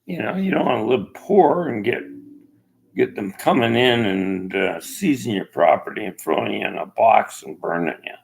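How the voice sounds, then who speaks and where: A man from Canada giving a rambling, opinionated monologue, swinging from loud outbursts to near-whispers. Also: low-pitched, vocal fry, husky. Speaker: self-made video commentator. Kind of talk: casual monologue.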